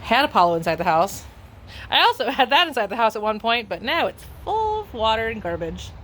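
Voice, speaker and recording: A woman talking casually in a home vlog, chatty and offhand, now and then coaxing her dogs in a high voice. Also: big pitch swings, fairly quick, fairly bright tone, a little hiss or hum. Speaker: vlogger and pet owner. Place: home, then car and vet office.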